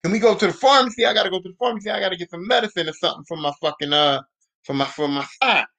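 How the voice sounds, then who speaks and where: A man's voice: sits high, racing, bright, forceful tone. A man voicing a blunt, menacing young woman killer from a TV drama, talking crude street slang.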